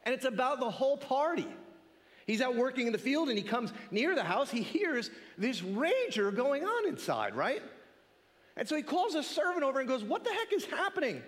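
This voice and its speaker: A man preaching a sermon in an animated, conversational way, often asking rhetorical questions. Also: very high-pitched, normal speed, in a large hall.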